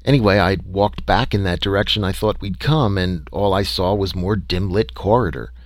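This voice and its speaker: A man with a lowish voice reads a first-person adventure tale aloud, keeping it wry and conversational, as if telling it to friends. The recording is close and very dry. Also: moderate pace, no echo. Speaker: audiobook narrator. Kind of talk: first-person story reading.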